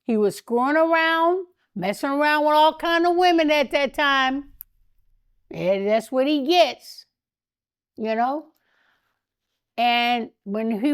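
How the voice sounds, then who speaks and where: An older woman as an interview guest, telling candid stories in an animated way, laughing often and acting out what others said. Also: sits high, slow, pauses often. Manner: animated, laughs often, acts out quoted speech. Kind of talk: candid storytelling.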